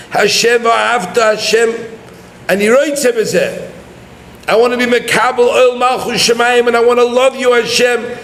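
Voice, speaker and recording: High-voiced rabbi in an echoey hall. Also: male voice, steady tone, moderate pace, creaky, fairly bright tone, a little hiss or hum. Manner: mixes Hebrew and Yiddish terms into English, addresses listeners directly. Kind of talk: Torah lecture.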